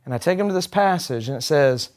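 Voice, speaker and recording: A man's voice: fairly high pitch, lively intonation, quick pace, a little mellow. A man teaching a Bible class, speaking emphatically and putting rhetorical questions to the group.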